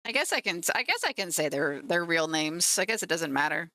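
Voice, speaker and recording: A woman's voice: lowish voice, big pitch swings, brisk, pushed and bright, dry recording. A woman streaming as she paints miniatures, chatting casually and teasing her cat at home. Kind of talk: casual live-stream chat.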